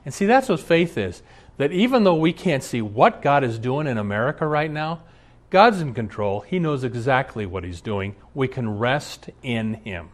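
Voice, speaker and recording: A man's voice: mid-range voice, very animated, moderate pace. A man preaching a sermon, telling stories with emphasis and occasional laughs. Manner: storytelling, emphatic, frequent laughs. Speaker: pastor.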